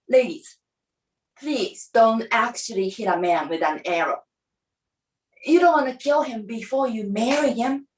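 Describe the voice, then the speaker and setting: A woman's voice: fairly high pitch, a little mellow, echoey room, far from the mic, slight background noise, low-quality recording. A woman doing stand-up, playfully teaching like a teacher. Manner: playful, teacherly, acts out characters with her body. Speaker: stand-up comic. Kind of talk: stand-up comedy.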